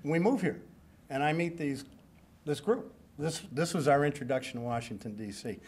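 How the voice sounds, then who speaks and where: A man's voice: a little high, moderate pace, a little mellow, slightly rough. A man in his sixties giving a hall of fame acceptance speech at a banquet, joking, self-deprecating and rambling.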